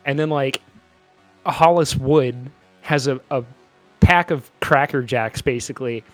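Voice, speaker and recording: A man's voice: medium pitch, unhurried, dry recording, faint music behind. A man co-hosting a podcast in casual chat, laughing and swearing as he acts out movie quotes. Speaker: podcast co-host.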